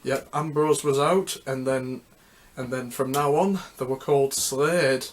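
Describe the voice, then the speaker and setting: Guy rambling about music history, mid pitch, lots of stops and restarts, super casual. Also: fairly even intonation. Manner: rambling, halting, with many restarts. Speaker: music history video host. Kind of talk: casual unscripted talk.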